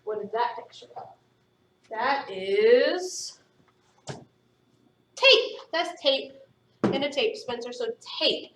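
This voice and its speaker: A woman teaching a phonics lesson to young students, patient and encouraging, sounding words out slowly. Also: a little high, background noise. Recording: echoey room, voice from a distance.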